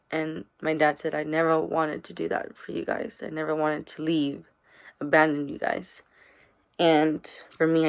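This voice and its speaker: A young woman speaks in a confessional daily vlog, her voice low with a gravelly fry. She rambles and restarts, soft and tearful at times, and her nose sounds stuffy from crying. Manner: rambling, halting, with many fillers. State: stuffy-nosed after crying. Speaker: daily vlogger.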